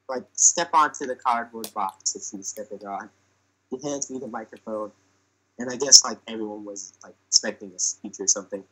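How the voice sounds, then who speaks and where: A man's voice: medium pitch, fairly quick, bright, forceful tone, slightly rough, poor audio. A young man telling a comic story on a podcast in a chatty way, full of fillers, and acting out the lines he quotes.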